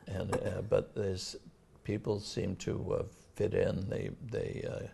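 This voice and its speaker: An older man with a Massachusetts accent, a town administrator talking in a casual local TV interview, halting with many fillers and restarts. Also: sits low, level tone, gravelly, dark tone, slightly rough.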